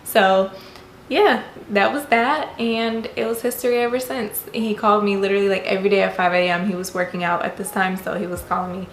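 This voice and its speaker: Gravelly-voiced woman, playful and earnest. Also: mid-range voice, steady tone, a little fast, slight background noise. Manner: playful and emphatic, then earnest and prayerful. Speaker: wife telling how the couple met. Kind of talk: casual storytelling with a faith message. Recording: roomy echo.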